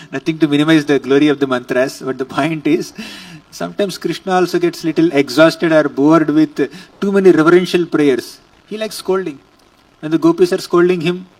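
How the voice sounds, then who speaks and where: High-voiced man giving a scripture talk. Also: a little mellow, no room sound, recorded from a distance, low-quality recording. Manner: emphatic storyteller, chants verses. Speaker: spiritual teacher. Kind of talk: scripture lecture.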